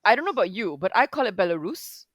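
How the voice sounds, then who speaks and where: A woman's voice: fairly high pitch, expressive, very fast, no room sound. A woman co-hosting a podcast, talking casually and rambling with many fillers. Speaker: podcast co-host. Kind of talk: casual chat.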